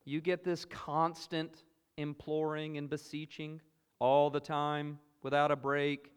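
A man with a Southern US accent preaching a sermon, earnest and emphatic, moving between loud exclamations and hushed asides. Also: a little high, little pitch movement, slow, smooth. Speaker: pastor. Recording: long hall reverb.

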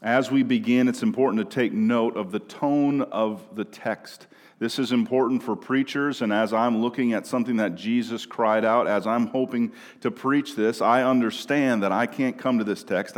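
A man from Minnesota preaching a sermon in a conversational way, often asking "right?" and moving between quiet and loud passages. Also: medium pitch, a little slow. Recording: long reverb of a large room.

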